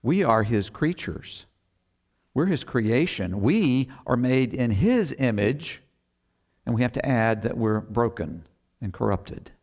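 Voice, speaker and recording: A middle-aged man preaching a sermon, reading scripture slowly and deliberately, then explaining it in an earnest, conversational way with rhetorical asides. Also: mid-range voice, animated, darkish tone.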